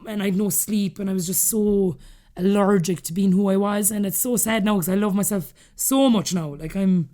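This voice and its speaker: A woman in her thirties with an Irish accent, a podcast guest telling her story candidly and acting out the dialogue she quotes. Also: medium pitch. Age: 30s. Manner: rapid, animated, acts out quoted dialogue.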